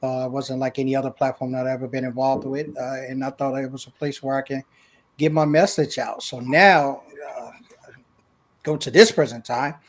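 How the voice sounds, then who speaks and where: A man introducing himself as a consultant on a livestream panel, laughing easily and filling pauses with "uh". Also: medium pitch, steady tone. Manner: warm, laughing, with many filler "uh"s. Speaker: leadership consultant, panel guest. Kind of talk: casual self-introduction.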